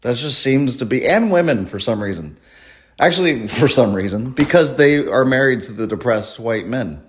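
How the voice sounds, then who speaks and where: A man performing a rambling, crude, self-deprecating stand-up comedy set at a live show. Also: mid-range voice.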